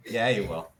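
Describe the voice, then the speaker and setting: A man's voice: mid-range voice, fairly bright tone, slight background noise. A man running a tabletop game as game master, chatting casually and narrating, with frequent hesitations.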